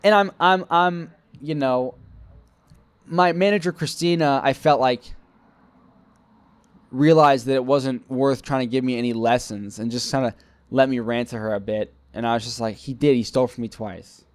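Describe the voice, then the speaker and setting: A man's voice: mid-range voice, fairly even intonation, normal speed, clear, resonant tone, no room sound. A young man rambling through a personal work story, self-critical, acting out quoted lines. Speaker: vlogger telling a personal story. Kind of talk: casual storytelling monologue.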